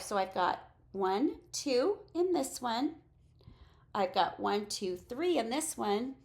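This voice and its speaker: Chatty preschool teacher woman, creaky voice. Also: fairly high pitch, lively intonation, slow. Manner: chatty, demonstrates classroom routines aloud. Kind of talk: casual classroom-resource walkthrough.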